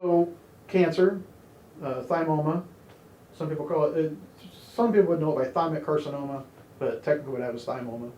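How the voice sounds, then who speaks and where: A man's voice: on the high side, brisk, mellow, a little hiss or hum. A man sharing his personal testimony in a candid, conversational way, with wry humor and plenty of "you know"s. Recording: roomy echo.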